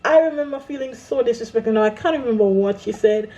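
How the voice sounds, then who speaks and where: A woman telling a personal story in a casual, animated vlog, acting out her own quoted lines. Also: on the high side, brisk, muffled recording. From Caribbean island. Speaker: vlogger.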